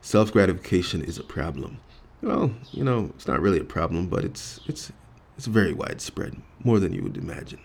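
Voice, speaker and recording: Male podcast co-host, very low voice, casual comedic rambling, lots of ums. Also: very animated, vocal fry, a little mellow. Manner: rambling, joking, halting with many fillers.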